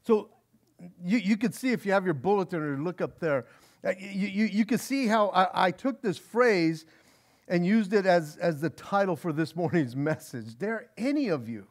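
A man preaching an expository sermon from the pulpit. His voice sits high and swings widely in pitch, and he often repeats and restarts words as he works through the text. His earnest delivery slows down for scripture. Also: animated. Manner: earnest, frequent stammered restarts; reads scripture aloud slowly. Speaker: pastor.

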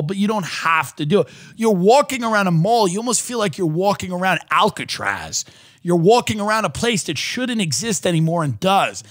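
A man's voice: on the high side, fairly bright tone, dry recording, clean studio sound. A man in his thirties, a podcast host from the United States, ranting sardonically in a comedic monologue. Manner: sardonic ranting, mocking voices.

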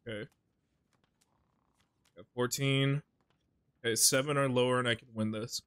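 A male streamer giving casual gaming commentary, brash, excitable and full of swearing. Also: medium pitch, a little slow, clean tone. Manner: brash, excitable and heavily profane.

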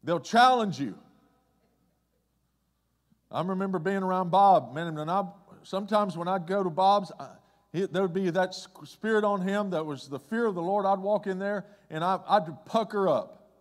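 Pastor, male, high voice, animated conversational sermon, long hall reverb. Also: moderate pace. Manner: conversational preaching, swinging from loud excitement to hushed low tones.

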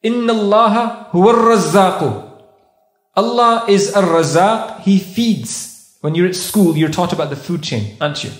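A man's voice: sits high, normal speed. A man giving a sermon in a mosque, explaining Arabic terms and repeating key points for emphasis. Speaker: mosque speaker. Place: mosque hall. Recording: echoey mosque hall.

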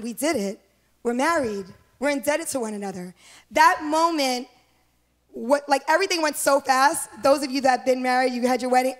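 A woman, the pastor's wife, sharing heartfelt wedding memories with a church congregation. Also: high-pitched. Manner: lively, heartfelt storytelling. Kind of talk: sermon introduction, personal story. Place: church sanctuary.

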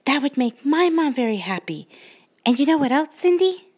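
A woman voicing a curious young girl who talks in an excited, high, chirpy way. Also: moderate pace. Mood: eager.

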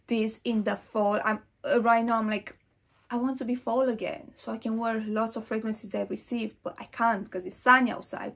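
Young woman, gravelly fry, husky tone, chatty perfume talk, slips into whispers. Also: a little high. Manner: chatty, rambling, drops into breathy whispers. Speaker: perfume vlogger. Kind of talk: casual perfume review.

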